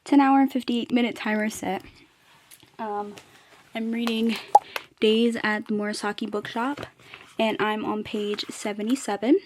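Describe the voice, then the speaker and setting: A woman's voice: fairly high pitch, steady tone, a little slow, pauses often, noisy background. Chatty young woman vlogging casually. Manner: chatty, lots of "like" fillers. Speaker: reading vlogger. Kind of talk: casual vlog chat.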